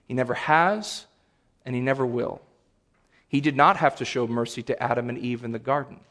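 A man's voice: mid-range voice, normal speed. Earnest man preaching a sermon. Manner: earnest, animated preaching with sudden loud outbursts. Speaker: pastor.

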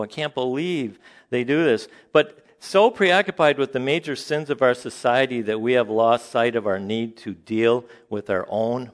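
A man preaching a sermon to a congregation, conversational and halting, with frequent fillers and joking asides. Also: medium pitch. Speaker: pastor.

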